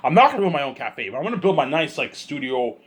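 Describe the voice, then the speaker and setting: Husky guy rambling fast, lotsa restarts, voice jumps up n down. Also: fairly high pitch, big pitch swings. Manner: repetitive, restarts sentences, daydreaming aloud. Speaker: vlogger. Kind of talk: rambling solo monologue.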